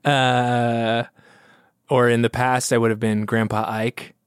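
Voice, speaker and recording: A man on a podcast tells anecdotes in an easygoing, chatty way. His mid-pitched voice sounds dry and close. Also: level tone, slow, clear, resonant tone, dry recording. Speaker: podcast guest. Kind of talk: casual podcast chat.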